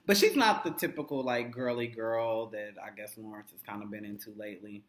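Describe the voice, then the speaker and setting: A man's voice: fairly low pitch, moderate pace. A young adult man casually recapping a TV episode, swearing constantly and acting out the characters' lines. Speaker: TV recap vlogger. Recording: echoey room.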